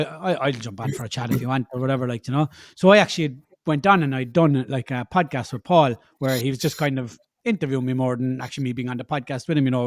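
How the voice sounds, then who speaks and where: A man's voice: mid-range voice, no room sound, studio quality. A man with an Irish accent, co-hosting a casual podcast chat and telling a story with laughs and restarts. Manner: storytelling, laughs while telling, repeats words. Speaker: podcast co-host.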